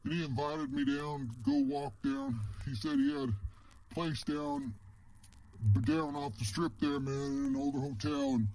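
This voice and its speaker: Man, casual storyteller, fairly high voice, rambling, says "man" a lot. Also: sing-song, measured pace, creaky, a little mellow, rough recording. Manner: rambling, ends phrases with "man". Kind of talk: casual first-person storytelling.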